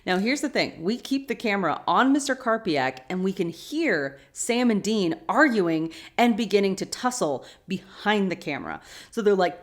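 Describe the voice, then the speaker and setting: A woman's voice: mid-range voice, lively intonation, normal speed. A woman hosting a rewatch podcast, casually retelling an episode's scenes and adding her own opinions.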